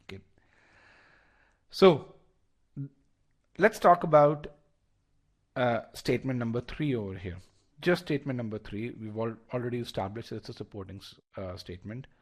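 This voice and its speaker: A man's voice: mid-range voice, moderate pace, pauses often. A man leading a live online class, talking through reasoning step by step with lots of restarts and fillers and polling his students. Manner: animated, frequent restarts and fillers. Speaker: test prep instructor.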